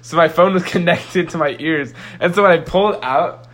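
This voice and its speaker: A teenage boy telling a story among friends, slightly high in pitch. He is animated and keeps laughing mid-sentence as he talks. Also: moderate pace. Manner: animated storytelling, laughs through his words. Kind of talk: casual chat.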